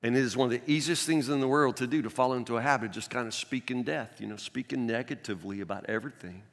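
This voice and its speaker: A man preaching a sermon as a pastor in a conversational, animated way, recorded in a church sanctuary. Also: mid-range voice, quick pace. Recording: long reverb of a large church hall.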